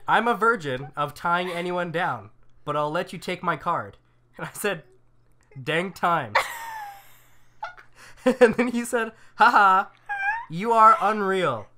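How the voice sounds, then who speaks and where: A man's voice: high voice, expressive, slow, long pauses, sharp tone, a little hiss or hum. A man co-hosting a casual podcast, reading out dating-app messages and laughing between lines. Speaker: podcast co-host.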